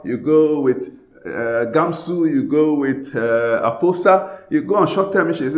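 A man from Ghana preaching a sermon as pastor, swinging between loud passionate bursts and hushed pleading. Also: fairly high pitch, echoey room.

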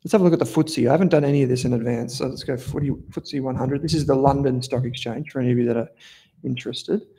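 Talking very fast in a husky, dark, mid-range voice, this Australian livestream host and investment analyst chats with viewers about investing. He reads their comments, rambles, uses casual slang and keeps correcting himself.

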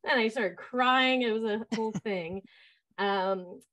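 A woman who runs a summer camp, telling stories casually in an interview, lively and full of fillers. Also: on the high side, a little slow. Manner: lively, acts out quoted voices, many fillers.

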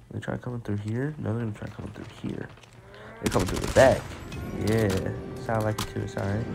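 A man giving casual, excitable gameplay commentary, full of slang and self-mocking trash talk, with game gunfire behind him. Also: mid-range voice, gravelly, noisy background. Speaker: gameplay streamer. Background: game gunfire and explosions.

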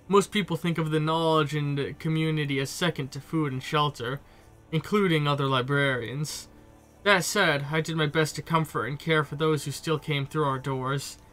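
A man's voice: on the high side, pushed and bright. A man with a stuffy cold reading out a caring male former children's librarian, in his own voice.

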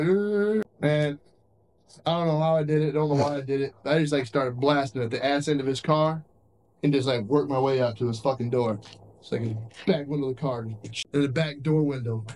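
A man's voice: fairly high pitch, darkish tone, low-quality recording. A young male soldier telling combat stories in casual, profane, rambling talk, recorded on a handheld camcorder at a base in Iraq. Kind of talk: casual war story.

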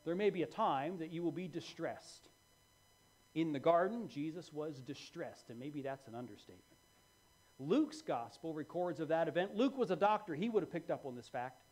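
A man preaching a sermon as pastor in a church, animated and moving between hushed and loud delivery. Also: fairly high pitch, moderate pace.

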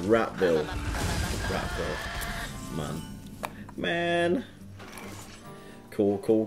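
Laid-back man narrating a card game. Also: lowish voice. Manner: playful, reads card text aloud, goofy sound effects. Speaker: gaming channel host. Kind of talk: casual game commentary.

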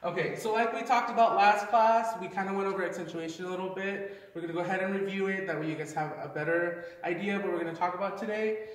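A man with a fairly high voice explains a Spanish lesson in a relaxed, conversational way, with the odd filler. He sounds some distance from the mic, in a strongly echoing room with a long reverb tail. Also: fast talker. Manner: casual, explanatory, uses fillers. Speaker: Spanish teacher. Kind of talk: classroom lesson. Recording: echoey room, mic far off.

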